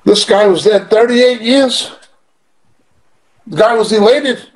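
A man delivers a sermon with a fairly high-pitched voice. He preaches emphatically but conversationally, leaning on personal testimony. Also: slow pace, slight background noise, low-quality recording.

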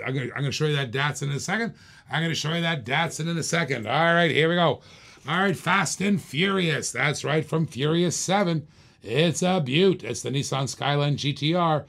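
Male auction host, live-stream sales patter, hyped and repetitive, slightly high, gravelly.

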